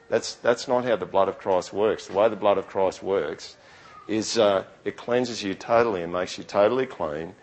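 A man's voice: on the low side, rough recording. A middle-aged man preaching a sermon in a conversational, earnest way, often restarting his sentences. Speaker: pastor.

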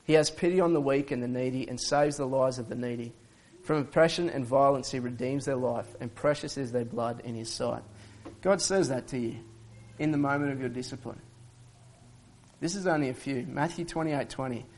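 A man's voice: mid-range voice, normal speed, darkish tone, a little hiss or hum. A male pastor, preaching in a conversational way and often restarting his sentences. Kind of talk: sermon.

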